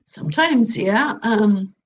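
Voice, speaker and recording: A woman's voice: medium pitch, lively intonation, takes it slowly. An Irish woman talking as a storyteller guest in an interview, earnest and emphatic, repeating her points. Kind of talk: interview conversation.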